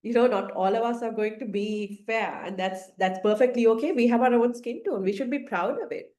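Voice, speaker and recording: A woman's voice: fairly high pitch, fairly quick, mellow. A woman from Sri Lanka co-hosting a podcast, speaking in an earnest, reflective, casual way. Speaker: podcast co-host. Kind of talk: casual conversation. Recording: roomy echo.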